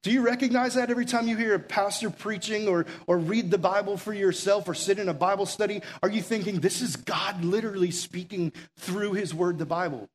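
A man's voice: high voice, brisk, hardly any pauses. A man preaching a conversational sermon as pastor, urgent and full of rhetorical questions. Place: room with a gathered audience.

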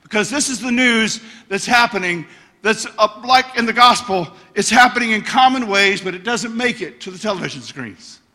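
A middle-aged man preaching a passionate sermon as a guest speaker, telling stories and swinging to loud bursts. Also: high-pitched, lively intonation, moderate pace. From United States. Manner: passionate, storytelling, bursts of shouting. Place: church hall. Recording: church hall reverb.

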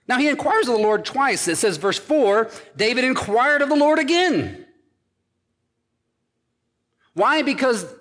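A man's voice: high voice, fairly bright tone, big-room sound. A man preaching a sermon as pastor, driving his points home with emphatic repeated phrases.

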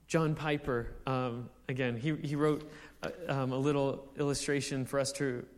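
A young man preaching a sermon in a conversational way, with many fillers, building to excited exclamations. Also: medium pitch, normal speed, long reverb tail.

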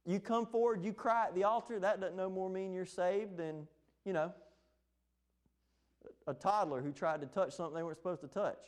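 A man's voice: sits high, normal speed. A man, preaching a sermon in an impassioned, emphatic way. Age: 20s. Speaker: pastor.

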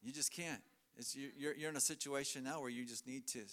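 A man's voice: medium pitch, steady tone, fairly quick, fairly bright tone. A middle-aged man preaching a sermon in a church, telling a story with humor and frequent chuckles.

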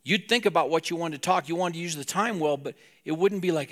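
A man's voice: a little high, fast, a bit bright. A man preaching a sermon as a pastor, talking plainly and directly to his congregation.

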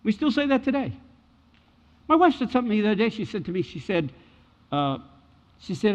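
A man's voice: high-pitched, big pitch swings, a little fast, long pauses, long reverb tail, dull audio. A middle-aged man preaching a sermon, emphatic and repeating key phrases for weight. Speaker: pastor.

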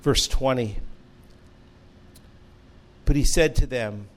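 A man's voice: mid-range voice, slow. A man preaching a sermon, earnest and storytelling, with humorous asides. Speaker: pastor.

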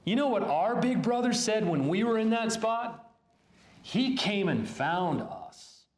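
A pastor delivering a sermon in an earnest, halting way, often restarting phrases. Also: male voice, sits high, sing-song, roomy sound.

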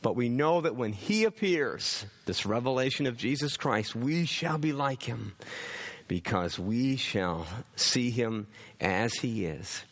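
A man's voice: medium pitch, animated, slow, fairly bright tone. A man preaching a sermon in an earnest way, often repeating words as he builds a point.

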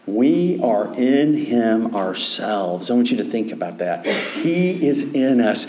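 A man preaching a sermon as pastor, earnest, dropping to a hush and then rising to emphatic calls. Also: medium pitch, very animated, takes it slowly, reverberant, noisy background.

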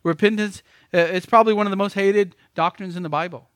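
A man's voice: high-pitched, steady tone, fast, clean tone, dry recording. Emphatic male pastor preaching, dry sound. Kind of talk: sermon.

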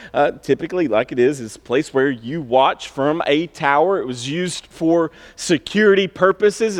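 A man with a high voice preaching to his congregation, telling stories in a relaxed, conversational way that swells into emphasis. His voice carries through a church sanctuary with a long reverb tail. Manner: conversational, storytelling, with bursts of emphasis. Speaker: pastor. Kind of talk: sermon.

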